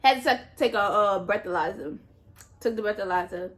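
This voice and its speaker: A young adult woman vlogger telling a story in casual chat, animated, repeating herself and swearing as she goes. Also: medium pitch, a little fast. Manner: animated, repetitive retelling with swearing. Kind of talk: casual storytime while eating.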